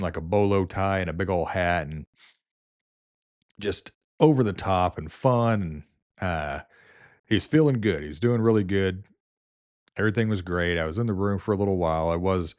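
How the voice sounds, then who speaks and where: A man with a very low voice tells his nursing stories in a loose, rambling way. He fills his talk with "uh" and "you know" and restarts often. The sound is close and dry. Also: no room sound. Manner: rambling, with many fillers and restarts. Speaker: nurse and video host. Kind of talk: casual storytelling.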